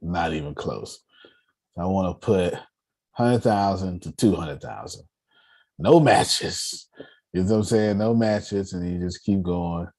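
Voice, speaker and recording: A man leads a video-call class on money in a low, husky voice. He talks in an animated, joking way, calls on his listeners and often restarts his sentences. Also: measured pace. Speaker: meeting host teaching personal finance. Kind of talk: casual teaching talk.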